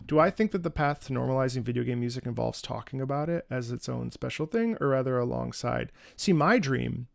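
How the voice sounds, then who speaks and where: A man's voice: mid-range voice, brisk, gravelly, no echo, clean studio sound. A man chatting casually on a music livestream, earnest and rambling, often repeating words and restarting, with the odd swear. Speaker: streamer reacting to music.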